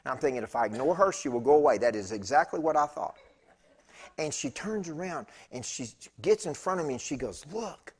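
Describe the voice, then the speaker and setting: A man preaching in church, telling a personal story in a chatty, animated way with laughing asides to the congregation. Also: medium pitch, fairly quick, husky. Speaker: pastor. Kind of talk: storytelling sermon. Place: church sanctuary.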